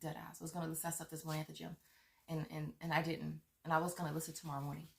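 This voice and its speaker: A furious woman vlogger rants straight to her viewers, swearing, stammering and circling back to the same complaints. Her voice sits a little low and carries a gravelly fry. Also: level tone, rapid-fire, slight background noise. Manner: heated, profane, repeats herself, stammers. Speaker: vlogger on money-saving apps. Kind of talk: angry rant to viewers.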